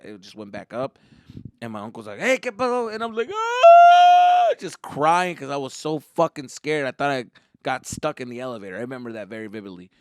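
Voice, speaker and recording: A young man telling a comic story as a podcast host, profane and animated, jumping into voices. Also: medium pitch, fairly quick, dry recording, studio quality.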